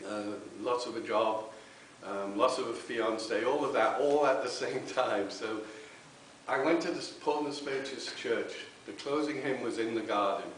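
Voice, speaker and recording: A man giving a heartfelt spiritualist sermon, often pausing to ask the congregation "okay?". His voice sits at an ordinary middle pitch. It reaches the mic from across a very reverberant church hall, with a faint hiss underneath. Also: distant mic. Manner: earnest, tag questions with okay. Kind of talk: sermon with personal testimony.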